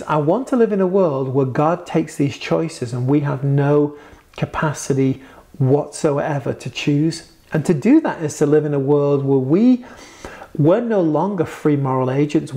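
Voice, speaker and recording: A man's voice: on the high side, vocal fry, warm tone. A man preaching in a Q&A teaching, earnest and conversational, rising into emphatic bursts.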